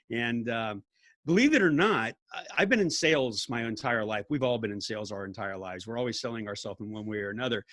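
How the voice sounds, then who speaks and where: An older man, a podcast guest telling stories in an animated way, laughing and acting out what people said. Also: medium pitch, no echo. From California. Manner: animated storyteller, laughs often, acts out quotes. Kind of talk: casual storytelling interview.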